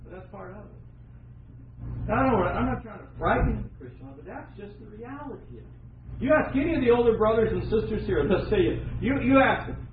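A middle-aged man preaching a sermon, telling the story with animated voices for the people in it. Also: high-pitched, fairly quick, a crowd in the background. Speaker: pastor. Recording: dull echoey recording in a large room.

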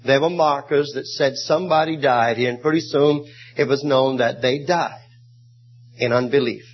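A man preaching an evening sermon who reads scripture in a measured, archaic cadence and tells illustrative stories. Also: mid-range voice. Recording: muffled lo-fi recording.

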